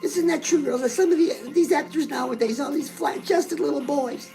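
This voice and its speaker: Woman host, middle-aged, high and gravelly, gushing chatter aimed at her girls. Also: normal speed, mellow, soft background music, rough recording. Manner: gushing, chatty, keeps calling the viewer girl. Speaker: fitness and lifestyle show host. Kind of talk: comedic character monologue.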